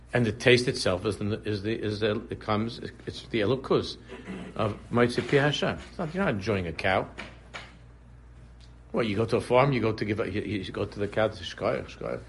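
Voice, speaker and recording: A man's voice: on the low side, expressive, moderate pace, a little hiss or hum. A man teaching a casual religious class, talking conversationally, repeating phrases and drifting into humorous examples. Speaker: Torah teacher.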